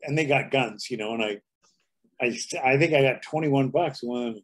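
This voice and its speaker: Appearing as a guest, this Canadian comedy writer and performer, an older man, spins humorous stories and keeps jumping into character voices. He speaks at a moderate pace in a mid-range voice.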